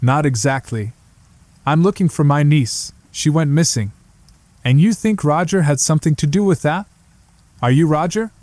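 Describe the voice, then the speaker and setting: A man's voice: on the high side, normal speed, a little mellow, no echo. A man narrating a first-person horror story in a gritty, hard-boiled way.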